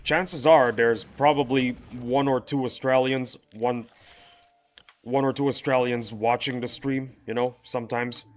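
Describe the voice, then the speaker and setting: A man's voice: medium pitch, steady tone, measured pace. A man livestreaming a game, chatting casually with his viewers in a playful, rambling, teasing way. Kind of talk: casual chat with live viewers.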